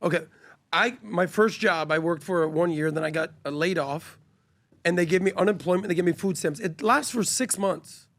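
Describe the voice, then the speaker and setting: A man's voice: high voice, normal speed, a bit bright, no echo. A man speaking as a podcast guest in a casual debate, blunt and full of questions.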